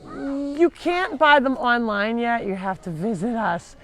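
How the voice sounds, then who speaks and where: A woman's voice: fairly high pitch, unhurried, a bit bright. A woman hosting a live farm sanctuary tour, chatting to viewers and calling to the animals as she walks around the farm. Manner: chatty, talks to the animals while touring. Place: farm, walking between buildings.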